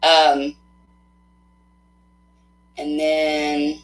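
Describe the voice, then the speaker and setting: A woman hosting a live tarot stream, chatting casually with viewers, effusive and quick to laugh, thinking aloud with fillers. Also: sits low, completely flat delivery, roomy sound, poor audio.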